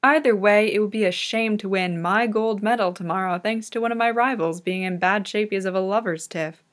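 A woman's voice: mid-range voice, brisk, natural voice. A woman voicing a cheerful, teasing young male figure skater in a fan audiobook reading. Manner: teasing, playful.

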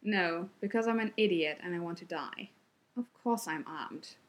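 Brief: sharp-tongued young male ninja teacher with dry retorts, read by a woman. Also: mid-range voice, moderate pace, natural voice. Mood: scathing.

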